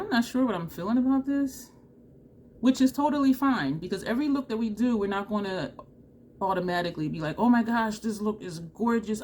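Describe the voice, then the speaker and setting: Woman, lower voice, excitable, laughs a lot, casual makeup tutorial chat. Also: a little hiss or hum. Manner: chatty and excitable, laughs often, talks straight to viewers. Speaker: makeup vlogger.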